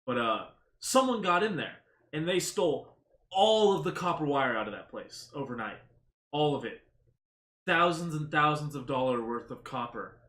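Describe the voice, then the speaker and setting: A man's voice: a little high, expressive, normal speed, a bit bright, echoey room. A man co-hosting a podcast, chatting casually with blunt, offhand remarks. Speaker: podcast co-host. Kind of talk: casual chat.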